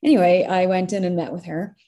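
Irish actress as interview guest; warm, lowish voice, easy storyteller. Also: female voice, fairly even intonation, fast talker. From Ireland. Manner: chatty storyteller, laughs often. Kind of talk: casual interview chat.

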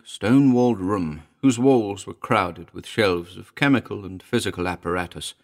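A man reading a first-person story aloud as an audiobook narrator, in a measured storytelling manner. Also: on the low side, vocal fry.

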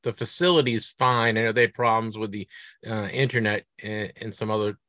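Boston guy hosting a hobby podcast, bright voice, dry close mic, lots of restarts. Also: fairly low pitch, steady tone, dry recording. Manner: halting, restarts often, chatty. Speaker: podcast host. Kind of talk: casual interview chat.

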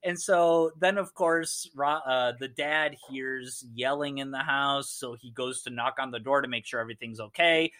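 A man chatting casually about a movie, rambling and animated as he retells scenes and acts out the lines. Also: mid-range voice, moderate pace, few pauses.

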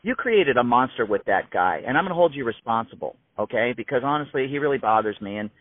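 A man's voice: mid-range voice, lively intonation, fast talker, dry recording, lightly acted. A man putting on the voice of a powerful music mogul, chummy on the phone and then stern, over a tinny phone-like line. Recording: tinny phone-like dry sound.

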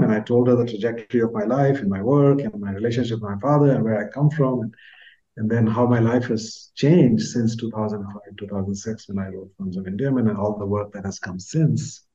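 A reflective man in his sixties from India speaks earnestly, his voice dark and mellow. His sentences trail off into softness. The audio sounds slightly muffled and lo-fi. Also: mid-range voice, moderate pace. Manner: earnest, heartfelt, trails off softly at phrase ends. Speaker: guest author. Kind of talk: reflective personal storytelling.

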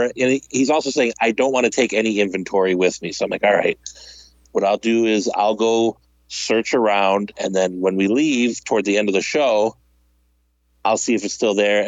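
A man's voice: lowish voice, no echo, lo-fi sound. A man telling a long story in casual chat, laughing often and acting out the people he quotes. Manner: animated, laughs while telling stories, acts out quotes.

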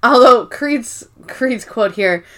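Animated woman recapping a show. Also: fairly high pitch, slow pace. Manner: animated retelling, acting out quotes, swears. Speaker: podcast co-host. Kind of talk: casual recap chat.

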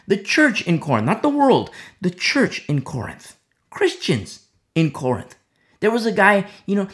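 A man preaching a sermon as pastor, swinging between loud emphatic lines and hushed near-whispers. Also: a little high. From America.

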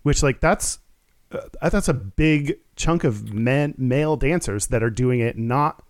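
Man, podcast co-host, casual chat, self-mocking, rambling, mid-pitched, dry sound. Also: unhurried, no echo. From Houston, Texas. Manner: rambling, many fillers and self-mocking asides.

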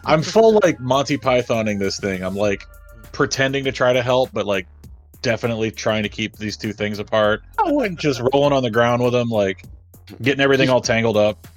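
A man playing in a casual tabletop role-playing game, animated and swearing freely. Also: medium pitch, a little fast, soft background music. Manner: animated, swears, describes his character's antics. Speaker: player.

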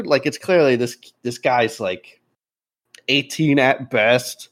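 A relaxed male game master narrates a tabletop game at a medium pitch, pausing often and chuckling now and then. His delivery is loose and conversational. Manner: relaxed, chuckling, hesitant fillers.

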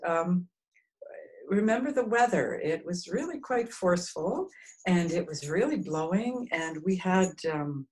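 A woman recalling a windy cliff walk, animated with hesitations. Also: lowish voice, rough recording. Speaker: guest. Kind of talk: casual recollection.

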